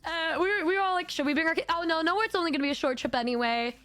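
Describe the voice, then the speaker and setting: A woman streamer telling a story in a casual, giggly, excitable way. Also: very high voice, rapid-fire. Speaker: VTuber streamer.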